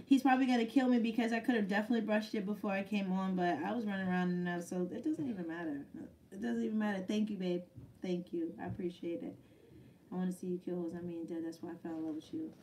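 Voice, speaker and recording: A woman's voice: medium pitch, fairly even intonation, fast talker, recorded from a distance. Brash swearing woman on a live Q&A. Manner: blunt, loud, laughing, swears freely. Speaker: battle rapper answering viewer questions. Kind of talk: casual live Q&A chat.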